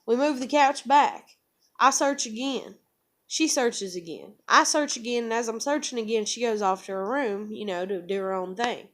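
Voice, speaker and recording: A woman's voice: on the high side, moderate pace. A woman with a drawl rambles through a personal story and swears freely. She acts out what everyone said in a casual, unscripted way. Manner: rambling, profane, acts out dialogue. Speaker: vlogger telling a personal story.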